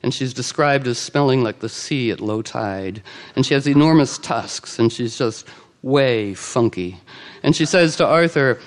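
A man telling an old legend to a live audience in a lively, conversational way, with quick asides and quoted character lines. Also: medium pitch. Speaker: storyteller. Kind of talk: oral storytelling to a live audience.

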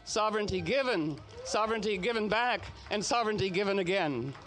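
A man voicing Dame Ragnall, a bold enchanted noblewoman freed from a hag's spell, speaking in a coaxing then solemn, deliberate way. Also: sits high, expressive, a bit bright, soft background music. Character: enchanted noblewoman, hag turned beauty, bold.

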